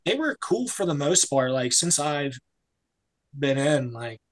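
Sing-song and on the high side, this young legionnaire from the United States speaks a little slowly in a casual podcast interview where he's the guest. Poor audio carries his blunt, swearing, filler-heavy rambling.

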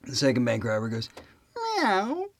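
A man's voice: medium pitch, animated, normal speed, dry recording. Giggling man hosting a podcast. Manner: giggling, joke-telling. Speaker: podcast host. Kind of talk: casual chat and test prep.

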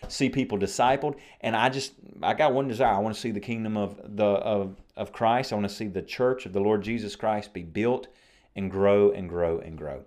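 Guy preaching on his faith podcast, kinda low voice, fired up then chatty and jokey. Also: normal speed, a little mellow.

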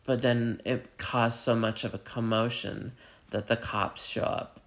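A man co-hosting a podcast, casually retelling a TV episode with lots of filler words and loud acted-out lines. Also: mid-range voice, little pitch movement, a little slow, gravelly. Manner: rambling, acts out lines in loud put-on voices. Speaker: podcast co-host.

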